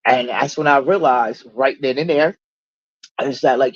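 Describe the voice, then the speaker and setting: Here a woman talks through her personal recovery at normal speed during an informal livestream chat, animated, blunt and profane. Whenever she quotes someone, she performs them in a raised voice. The audio is dry and dull.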